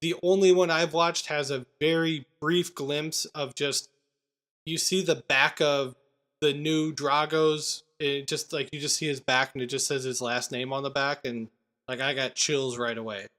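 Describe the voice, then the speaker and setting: A man with a fairly high voice hosting a casual movie podcast. He talks in a loose, chatty way, full of asides and self-corrections. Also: flat delivery, a bit bright. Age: adult parent. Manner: chatty, quick asides and restarts. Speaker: podcast host.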